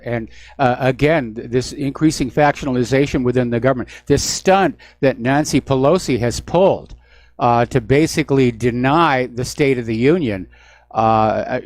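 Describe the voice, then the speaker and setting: Steady male talk radio host, mid-pitched, measured and a bit halting. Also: no echo. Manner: calm and thoughtful, many hesitations.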